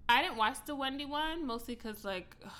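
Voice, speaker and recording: A woman co-hosting a casual chat, blunt and opinionated, talking in an expressive way. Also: high voice, fairly quick. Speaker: podcast co-host.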